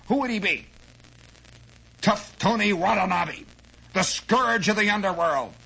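Husky man, radio host, rambling storytelling, very lively pitch. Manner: digressive, animated, many restarts and asides.

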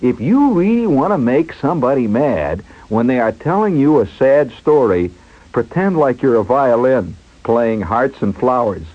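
A man hosting a radio show, telling a personal story in an animated way, chuckling and imitating sounds as he goes. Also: mid-range voice, a little slow, muffled recording. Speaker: radio host. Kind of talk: storytelling monologue on air.

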